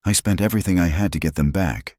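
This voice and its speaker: A man's voice: deep voice, fast talker, a little mellow, no echo, studio quality, voice pushed up. A man voicing a hurt, angry young mother of triplets who speaks sharply and bitterly. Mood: accusing.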